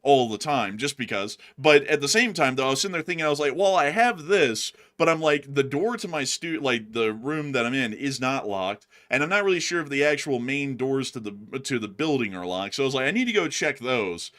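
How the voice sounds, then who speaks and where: A man's voice: mid-range voice, expressive, fairly quick, hardly any pauses, fairly bright tone. A man out of breath, hosting a live news stream from his home studio in a chatty, rambling way, calling his viewers folks. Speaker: news livestream host. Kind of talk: casual live news commentary.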